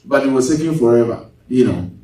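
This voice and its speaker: A man preaching a sermon as pastor, lively, going from loud to hushed and laughing as he tells stories. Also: medium pitch, a little fast. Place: church. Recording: echoey church hall, mic at a distance.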